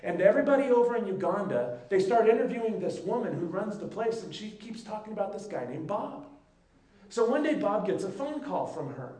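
High-voiced man preaching in an echoey hall. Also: a little fast. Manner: lively storyteller who acts out the dialogue. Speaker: pastor. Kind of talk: sermon storytelling. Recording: echoey room, mic at a distance.

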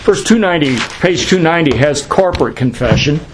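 A man's voice: fairly high pitch, animated, fairly quick, background noise. A middle-aged man, a pastor, teaching a class in a conversational way, asking questions and answering them himself.

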